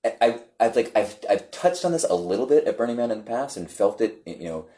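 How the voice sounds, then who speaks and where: A man telling a story in casual chat, animated and halting, with many repeats and fillers. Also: mid-range voice.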